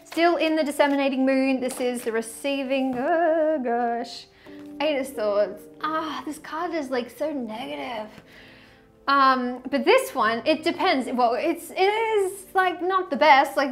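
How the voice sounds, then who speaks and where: High-voiced chatty woman. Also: lively intonation, slow pace, a bit bright, faint music behind. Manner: chatty, effusive, laughs often, trails off mid-sentence. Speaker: tarot reader. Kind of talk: casual tarot reading to camera.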